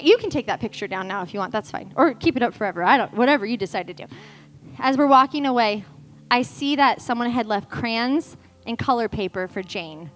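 A woman in her thirties preaching in a church, telling a personal story in a chatty, animated way full of quoted dialogue and fillers. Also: on the high side. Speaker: guest speaker. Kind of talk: conversational sermon storytelling. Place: church sanctuary.

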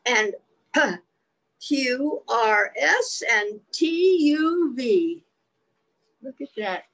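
A woman reads a storybook aloud to small children at an unhurried pace, lingering on every line. Her voice sits a little high, and she slips in gentle questions to her young listeners between the pages. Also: expressive, poor audio. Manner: slow sing-song reading, stops to ask the listening children questions. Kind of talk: reading a picture book aloud to young children.

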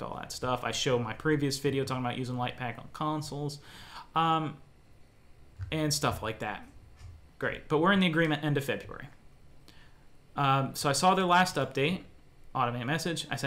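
A man's voice: mid-range voice, moderate pace. A young man vlogging a frustrated account of a dispute with a company, reading out the messages he traded with them. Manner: frustrated, reads out messages in a flat quoting tone. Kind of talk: ranting account of a customer dispute.

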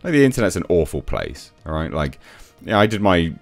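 A man's voice: low-pitched, sing-song, brisk, vocal fry, dry recording, soft background music. A man giving a sarcastic, exasperated commentary rant as a reviewer. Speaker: YouTube reviewer. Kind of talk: ranting commentary.

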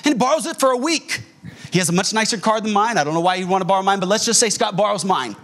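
A man preaching a sermon as a pastor in a church, telling stories in an animated way and acting out the dialogue. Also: sits high, fast talker. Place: church sanctuary.

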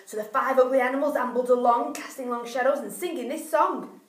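A woman, a primary school teacher reading a rhyming picture book aloud to young children in an expressive, sing-song way. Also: high voice, a little fast. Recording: echoey room, voice far from mic.

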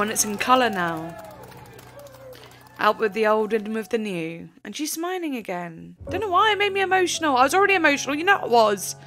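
A woman giving casual, emotional reaction commentary on a music video, chatty and full of fillers. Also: mid-range voice.

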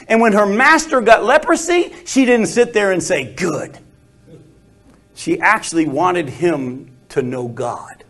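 A man teaching a Bible study, telling stories with animated delivery and acting out quoted lines. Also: high-pitched. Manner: animated storytelling, acts out quotes with dropped voice.

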